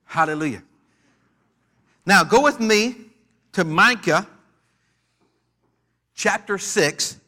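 Bright, high-pitched American preacher. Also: male voice, expressive, slow, pauses often. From United States. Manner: call-and-response preaching, playful with the congregation. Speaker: pastor. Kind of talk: sermon. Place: church.

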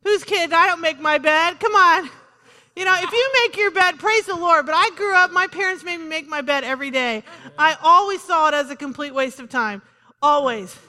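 A woman's voice: very high voice, moderate pace, pushed and bright, in a large hall. A woman pastor preaching a sermon in a conversational, joking way, punctuated by calls of "Amen.".

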